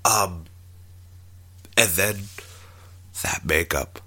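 Bright-voiced man in a lively chat. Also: low-pitched, very slow. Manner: animated, jokey, acts out quotes. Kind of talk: casual movie review chat.

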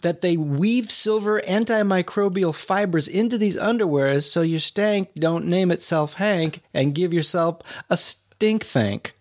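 A man's voice: high voice, a little slow, few pauses. A man co-hosting a comedy podcast in casual banter, playful and full of wordplay. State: talking while eating. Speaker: podcast co-host.

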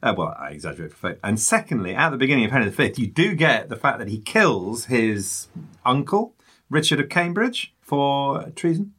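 A man's voice: mid-range voice, sing-song, a little fast, fairly bright tone, slightly rough. A man, co-hosting a casual film review with jokey, rambling asides.

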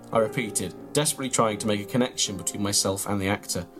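A man reads out an absurd comic memoir in a deadpan, mock-earnest way. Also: fairly low pitch, quick pace, faint music behind. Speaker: comedy podcast host reading his own mock memoir. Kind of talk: deadpan comic reading of a story, then casual chat.

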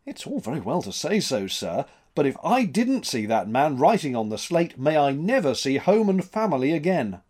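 A man's voice: a little high, sing-song, moderate pace, few pauses, a little mellow. A man voicing a frightened, insistent male ship's mate in a spoken story, sounding agitated and pleading. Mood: alarmed, pleading.

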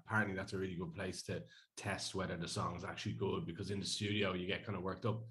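Joking lower-voiced man on a podcast. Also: fast talker. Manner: laughs often, relaxed and joking. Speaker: podcast co-host. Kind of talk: casual podcast chat. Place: Bondi home.

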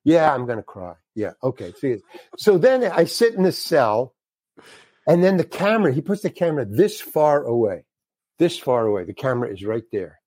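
An older man with a slightly high voice tells a show-business anecdote in a lively, profane way. The sound is dry and close, with no room around it. He slips in and out of the voices of the people he describes. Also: moderate pace, dry recording. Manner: animated, swears freely, acts out voices. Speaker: guest actor. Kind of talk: anecdotal storytelling.

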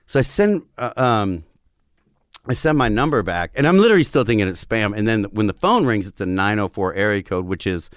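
A man in his forties telling a wild family story in casual chat, swearing freely and acting out what people said, breaking into loud laughs. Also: lowish voice, animated, fairly quick, no room sound, clean studio sound. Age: 40s.

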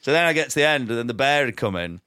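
A man's voice: medium pitch, very fast, smooth, dry recording, studio quality. A man, telling stand-up stories in a casual podcast chat, acting out quotes and laughing often. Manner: animated storyteller, acts out quotes, laughs often. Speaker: comedian guest.

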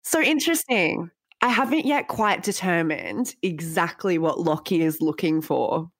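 A woman's voice: lowish voice, lively intonation, a little slow, no room sound, studio quality. A woman co-hosting a TV recap podcast, bubbly and rambling, full of "like"s. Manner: chatty, bubbly, rambling with many "like"s. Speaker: podcast co-host. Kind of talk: casual chat.

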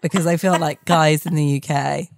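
Playful British woman with a low voice. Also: fairly even intonation, moderate pace, vocal fry, dry recording, studio quality. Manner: playful, giggly, chatty. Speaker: podcast host. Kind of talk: casual podcast chat.

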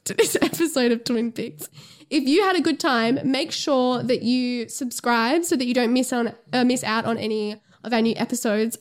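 A young woman co-hosts a laid-back podcast, her voice sitting a little high. She gushes and gets emotional as she talks, giggling often. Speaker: podcast host. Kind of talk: casual podcast chat.

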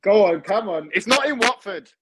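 A man chatting as a podcast guest, animated and repeating himself, calling people mate and bro. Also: high-pitched, normal speed, noisy background. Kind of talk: casual chat.

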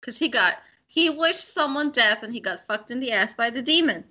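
A woman with a bright, sharp, fairly high voice chats bluntly about a movie. She swears freely and speaks her mind. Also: animated, normal speed. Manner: blunt and profane. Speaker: podcast co-host. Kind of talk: casual chat about a movie.

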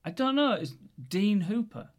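High, lively man from the north. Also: normal speed. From north of England. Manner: swearing, flustered, lively. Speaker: podcast co-host. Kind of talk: casual chat and improvised role-play.

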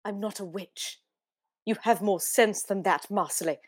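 A woman's voice: mid-range voice, measured pace, dry recording, studio quality, close to an everyday voice. Woman doing a stern older Scottish physician. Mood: firm. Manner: composed, firm, slightly posh.

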